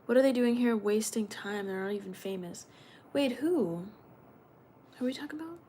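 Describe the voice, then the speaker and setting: A woman's voice: on the high side, normal speed, warm tone, slight background noise. Chatty young woman rambling on stream. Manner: rambling, chatty, heavy use of "like". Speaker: livestreamer. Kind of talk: casual livestream storytelling.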